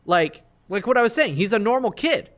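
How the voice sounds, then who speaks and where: A young man live-streaming a game, reasoning aloud through his choices, excitable and full of fillers. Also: high voice, fairly quick.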